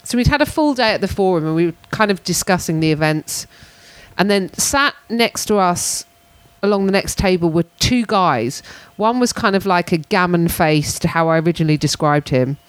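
A woman tells a story in an easy, conversational way, with a slightly low voice. Her pitch jumps around a lot as she acts out the voices of people she met. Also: lively intonation, moderate pace. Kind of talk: casual anecdote.

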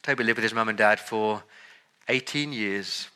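Man preaching with a very bright tone. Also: on the low side, normal speed, smooth. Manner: emphatic, repeats words and lists for effect. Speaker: pastor. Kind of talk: sermon.

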